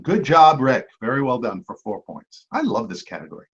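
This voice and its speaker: A man hosting a trivia game. He reads each clue twice and adds chatty asides and quick apologies to the teams. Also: mid-range voice, sing-song, a bit bright, breathy edge. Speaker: quiz host. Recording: dull lo-fi recording.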